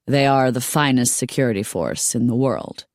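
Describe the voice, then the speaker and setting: A woman's voice: extremely low pitch, expressive, moderate pace, dry recording, clean studio sound. A woman voicing a stern, wealthy man who speaks in a curt, commanding way.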